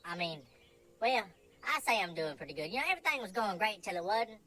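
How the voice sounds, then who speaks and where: A woman voicing a crude, excitable male lineman who rambles and swears, heard in a noisy played-back clip. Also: medium pitch. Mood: rambling. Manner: rambling, profane, fast bursts.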